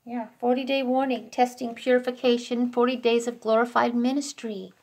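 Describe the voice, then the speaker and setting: A woman's voice: a little high, little pitch movement, moderate pace, a little mellow. A woman delivering an earnest, emotional spoken prophecy, pleading with listeners and close to tears. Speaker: self-styled prophet.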